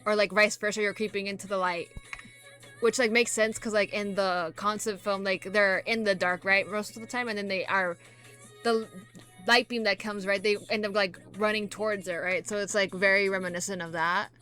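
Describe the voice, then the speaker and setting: A woman reacting casually to photos, rambling and full of fillers, gushing with excitement. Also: mid-range voice, moderate pace, soft background music. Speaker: K-pop reaction vlogger.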